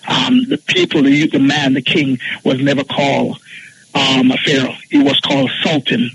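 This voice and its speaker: A man calling a radio show, lecturing on history emphatically, with pauses and fillers. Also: medium pitch, very animated, creaky, a bit bright, a little hiss or hum, rough recording. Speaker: caller.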